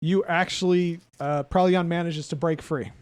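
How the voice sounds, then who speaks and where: A man with a fairly high voice narrates a tabletop game as its game master, lively and quick to laugh as he describes the action. The sound is dry and close, with no room around it. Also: smooth, dry recording.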